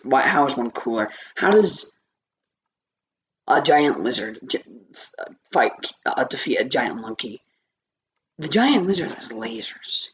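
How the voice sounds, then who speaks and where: Man, scratchy gravelly voice, rambling, distracted, swears a lot, casual review. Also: medium pitch, lively intonation, unhurried, a bit bright. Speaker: movie reviewer.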